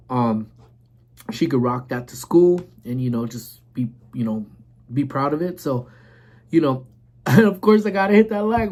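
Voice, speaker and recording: A man's voice: medium pitch, darkish tone. A man in his forties hosting a casual live stream, rambling and greeting viewers while eating.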